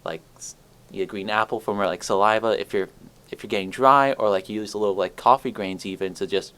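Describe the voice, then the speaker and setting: A man's voice: fairly low pitch, fairly quick, a bit bright. A teenage boy on a school podcast, chatting casually with lots of restarts and filler words. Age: teens. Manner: rambling, many likes and restarts. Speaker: podcast host. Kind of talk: casual chat.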